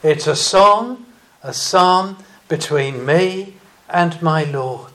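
Man, preacher, sermon, high-pitched, unhurried, emphatic. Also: a bit bright. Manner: slow, deliberate preaching with emphatic rises.

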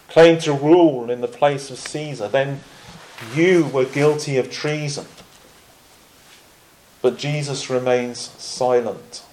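A man preaching a sermon in a measured way, pausing often and restarting phrases. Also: mid-range voice, darkish tone, rough recording. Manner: measured, with frequent pauses and restarts.

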